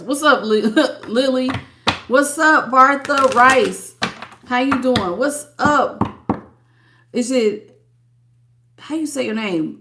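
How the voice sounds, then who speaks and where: A woman's voice: sits high, slow, pauses often, background noise. A woman giving a live tarot reading, blunt and sassy, greeting viewers as baby and sweetie. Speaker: tarot reader.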